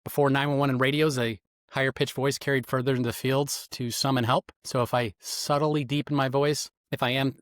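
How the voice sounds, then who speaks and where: A middle-aged man, a retired federal agent, explaining interrogation methods in an interview with lively, instructive emphasis. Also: mid-range voice, fairly quick, hardly any pauses, no room sound. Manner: animated, instructive, acts out quoted lines.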